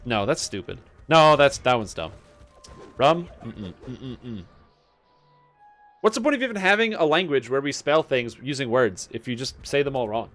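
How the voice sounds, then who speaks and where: A man's voice: mid-range voice, expressive, fairly quick, hardly any pauses, a bit bright, faint music behind. A man streaming a game, chatting casually and breaking into joking, incredulous rants. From Canada. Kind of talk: casual gameplay chat.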